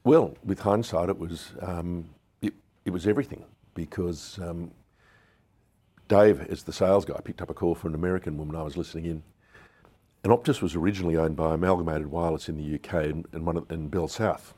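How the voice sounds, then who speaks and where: A man's voice: low voice, fairly even intonation, fairly quick, dark tone, husky. An Australian businessman in his sixties telling candid stories in an interview and acting out what people said. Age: 60s. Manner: anecdotal, candid, acts out quotes. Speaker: business founder guest. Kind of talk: storytelling interview.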